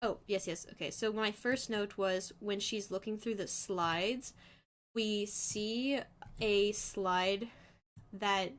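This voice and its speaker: A woman in casual stream chat, working through her notes aloud and breaking into easy laughs. Her voice sits at an ordinary middle pitch. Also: takes it slowly. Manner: chatty, analytical, laughs easily. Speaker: stream co-host.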